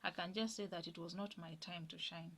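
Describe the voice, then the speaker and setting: A young woman telling her personal testimony in an earnest, animated way, dropping to a hush when moved. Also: on the low side, fairly quick, a little hiss or hum. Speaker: guest sharing a personal testimony.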